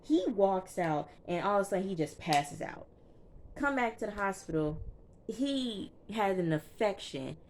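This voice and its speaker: A woman's voice: medium pitch, expressive, unhurried, darkish tone, slight background noise. A woman chatting casually through a TV episode recap, emphatic and full of fillers, talking straight to her viewers. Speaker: TV recap vlogger.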